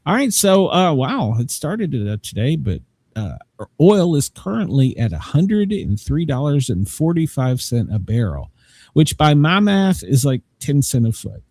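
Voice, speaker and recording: A man hosting a casual podcast, telling stories in a rambling, self-mocking way and laughing at his own jokes. His pitch swings widely as he talks. The sound is close and dry. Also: very animated, measured pace, darkish tone, dry recording. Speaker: podcast host. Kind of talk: casual chat.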